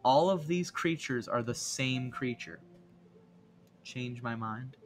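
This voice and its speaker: A man's voice: medium pitch, slow, over music. A man chatting casually on a late-night art stream, silly and rambling, often giggling at his own jokes. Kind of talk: casual live-stream chat. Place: home streaming setup.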